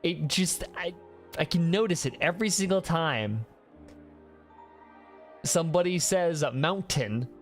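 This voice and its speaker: A streamer with a Midwest mountain accent giving animated, rambling gameplay commentary full of restarts. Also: medium pitch, a little slow, pauses often, faint music behind. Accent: Midwest mountain American.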